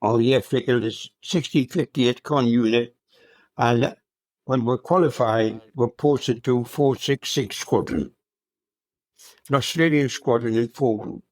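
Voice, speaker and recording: A hundred-year-old man recounting his wartime memories as an interview guest, speaking in a halting, unhurried way with many fillers. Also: mid-range voice, darkish tone, dry recording. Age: 100. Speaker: RAF veteran guest.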